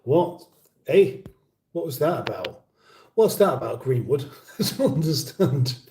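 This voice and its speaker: A man's voice: on the high side, very animated, unhurried, warm tone, recorded from a distance, slight background noise. A man hosting a casual live chat and reading viewer comments aloud, rambling and self-interrupting with dry humour, recorded in an echoey room. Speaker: livestream host.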